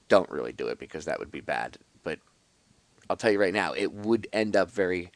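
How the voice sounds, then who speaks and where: A man's voice: deep voice, expressive, a little fast, dry recording. A man talking casually and at length to his viewers, rambling with many restarts and a sarcastic edge. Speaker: video blogger. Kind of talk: casual explanatory monologue.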